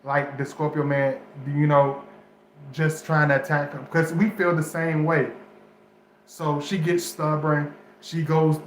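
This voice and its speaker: A man's voice: a little high, slight background noise. A man giving astrology dating advice in casual vernacular speech, rambling and restarting his sentences as he talks straight to his viewers. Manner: loose, rambling, repeats himself with restarts; African American Vernacular English grammar. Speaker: astrology vlogger. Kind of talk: casual direct-to-camera chat. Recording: echoey room with faint background ambience.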